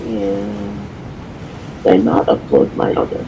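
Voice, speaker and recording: A dungeon master chatting casually while setting up a tabletop game over voice chat, halting with ums and laughing often. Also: low voice, muffled recording, noisy background. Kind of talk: casual setup talk before a tabletop game.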